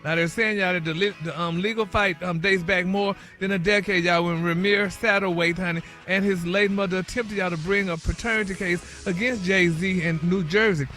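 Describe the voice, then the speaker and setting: A man's voice: sits high, fairly even intonation, normal speed, few pauses, sharp tone, soft background music. A man hosting a radio morning-show gossip segment, chatty and peppering every phrase with "honey" and "y'all". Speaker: celebrity gossip segment host.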